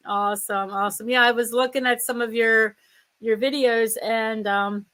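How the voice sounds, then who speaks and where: A woman's voice: on the high side, steady tone, normal speed, fairly bright tone. A woman hosting a casual interview show, chatty and upbeat, laughing often. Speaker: host.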